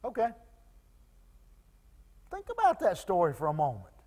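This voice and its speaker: A man pastor preaching a sermon, stammering on restarts and swinging from loud urgency to hushed tones. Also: sits high, huge pitch swings, normal speed.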